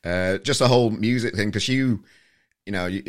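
A man's voice: fairly low pitch, moderate pace. A man hosting a podcast, chatting casually and eagerly, stumbling over his words and laughing along. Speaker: podcast host. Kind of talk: casual chat.

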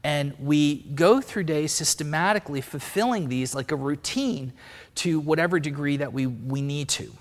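A man's voice: a little high, moderate pace. A man giving a casual, meandering talk on spiritual ideas, thinking aloud as he explains. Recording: long reverb, echoey room.

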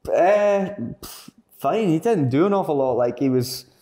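A man's voice: on the high side, expressive, a little slow, warm tone. A man, a former footballer, talking casually in a podcast interview and rambling with lots of filler words.

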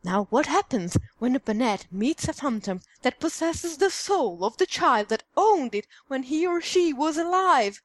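A woman's voice: high-pitched, expressive, measured pace, few pauses, no room sound. A woman co-hosting a podcast who laughs often and reads listener emails aloud. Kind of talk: casual podcast chat, reading aloud.

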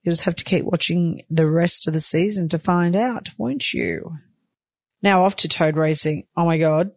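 A woman's voice: on the low side, normal speed, darkish tone, no echo, clean studio sound. A woman with an Australian accent, a reality show cast member talking candidly and emphatically in a confessional, with casual swearing.

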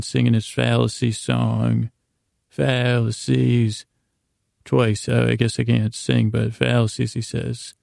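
Gravelly, meandering man recapping calmly. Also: mid-range voice, no room sound, clean studio sound. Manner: meandering, hesitant, with many restarts and fillers. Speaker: podcast host. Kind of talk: slow bedtime recap of a TV episode.

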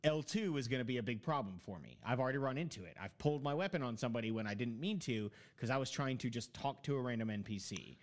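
A man's voice: mid-range voice, animated, fast talker, hardly any pauses. A man in casual chat, telling long rambling stories about a video game with many fillers.

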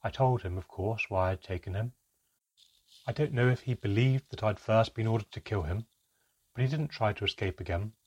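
A sorrowful, reluctant elf speaks in slow, measured, halting phrases, as a man puts him on, low and a little husky, for a storybook read aloud. The tone is grave, like a confession dragged out of him. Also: muffled recording.

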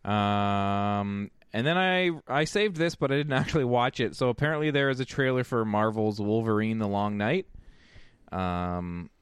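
A man's voice: on the low side, normal speed, clear, resonant tone, no echo, clean studio sound. A man hosting a podcast in casual chat, laughing often and trailing off with fillers. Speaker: podcast host.

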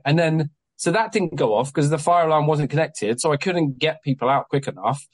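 A young man on a podcast telling a long story in a casual, animated way, swearing often and acting out what people said to him. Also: fairly high pitch, fairly quick, few pauses, poor audio. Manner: animated, swears a lot, acts out quoted exchanges. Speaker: guest, venue promoter.

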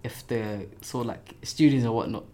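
A man's voice: mid-range voice, normal speed, dark tone. A man co-hosting a book podcast, easygoing and hesitant with fillers in casual chat. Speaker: podcast co-host.

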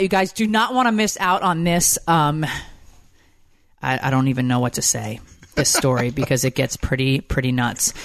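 A woman's voice: low voice, dry recording. Chatty woman podcast host, dry sound. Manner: chatty, teasing, filler-heavy. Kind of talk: casual podcast chat.

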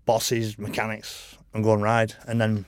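Rambling, laughing racer telling stories. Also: male voice, fairly low pitch, completely flat delivery, measured pace, no echo. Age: middle-aged. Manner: rambling storyteller, swears casually, laughs often. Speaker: podcast guest, motorcycle racer. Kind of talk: casual interview chat.

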